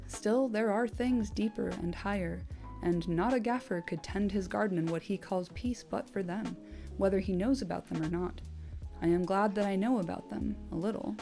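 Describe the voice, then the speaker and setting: Woman reading as a young male hobbit, earnest, reflective, plain storybook reading, mid pitch, faint music underneath. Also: normal speed, vocal fry, warm tone, natural voice.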